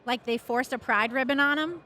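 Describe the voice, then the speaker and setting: Frank, animated woman guest. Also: sits high, fairly quick, slight background noise. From United States. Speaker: guest, magazine editor. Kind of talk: casual interview talk. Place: live event floor.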